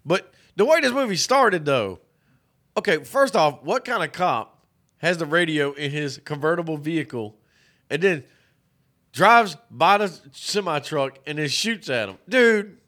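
A man's voice: fairly high pitch, lively intonation, unhurried, a bit bright. A man co-hosting a podcast, chatting casually and profanely while reviewing a movie. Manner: profane, rambling, joking. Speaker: podcast co-host.

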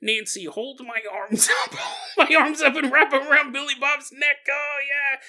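A man's voice: very high voice, fairly even intonation, moderate pace, bright, forceful tone, shouting, pitched above the performer's own voice, full character voice. A man voicing a frail, dying old grandmother who coos at her family and keeps breaking into laughs. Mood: doting.

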